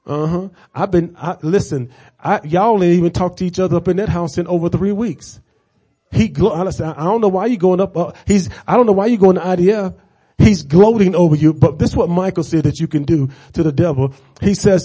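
A middle-aged male preacher delivering a sermon, moving from casual asides to fervent, repeated call-and-response shouting. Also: high voice, a little fast, husky. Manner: repeats phrases for emphasis, casual conversational asides.

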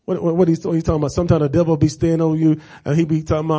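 A middle-aged man preaching a sermon in a fairly high, light voice. He drifts between loose conversational asides and rising, repeated exhortations, calling on the congregation to answer back. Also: level tone, racing, slightly rough. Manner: call-and-response, builds from low talk to fervent shouting; repeats phrases for emphasis, casual conversational asides.

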